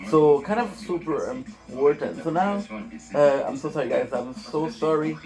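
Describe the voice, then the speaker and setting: A man's voice: fairly high pitch, animated, normal speed, music in the background, poor audio. Man rambling through a casual live stream. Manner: rambling, chatty, swears freely, greets viewers. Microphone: phone.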